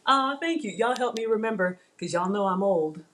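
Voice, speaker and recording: A woman's voice: mid-range voice, lively intonation, normal speed, a bit bright, a little hiss or hum. A middle-aged woman hosting a live cooking stream from her home kitchen, chatting with viewers and calling them y'all. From Africa. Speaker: cooking channel host.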